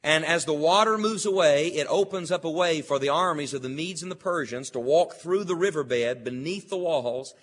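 Guy preaching a sermon, slow deliberate bible reading, earnest and emphatic. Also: a little high.

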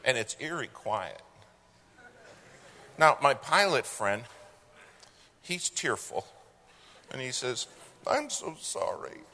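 Animated man telling a folksy story. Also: medium pitch, slow pace, pauses often. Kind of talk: live anecdote storytelling. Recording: long hall reverb, faint noise.

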